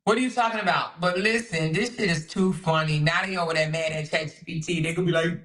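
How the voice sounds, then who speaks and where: Bright-voiced woman livestream host. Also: lowish voice, steady tone, fast talker, hardly any pauses. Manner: laughs often, swears freely, reads viewer comments aloud. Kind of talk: casual livestream commentary.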